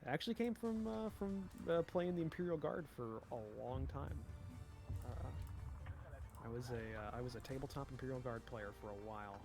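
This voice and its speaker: A man's voice: mid-range voice, animated, moderate pace, music in the background. A man in casual gaming chat as a guest player, chatty and hesitant, with many fillers and easy laughs.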